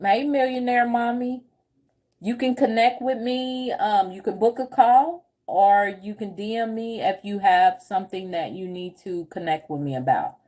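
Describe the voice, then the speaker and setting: A woman's voice: medium pitch, a little slow, dark tone. A woman business coach chatting casually on a livestream, telling stories with frequent laughs and answering viewer comments. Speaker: group home business coach.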